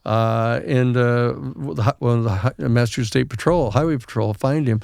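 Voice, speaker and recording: A man's voice: medium pitch, moderate pace, gravelly, no room sound, studio quality. A man in his seventies, a podcast guest, telling a story in a casual way and acting out what other people said. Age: 70s. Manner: animated storyteller who acts out others' dialogue.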